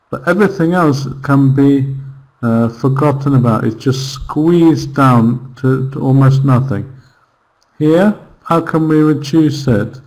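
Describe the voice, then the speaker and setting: Man as a patient tutor, very unhurried delivery, drawn-out examples. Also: mid-range voice, low-quality recording. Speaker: English pronunciation teacher. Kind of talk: online class lesson.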